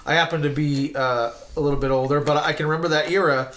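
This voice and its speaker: A middle-aged man hosting a casual interview, telling stories in a rambling, animated way with some swearing. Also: fairly high pitch, quick pace, a little hiss or hum. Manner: rambling, animated storytelling with profanity. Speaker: podcast host.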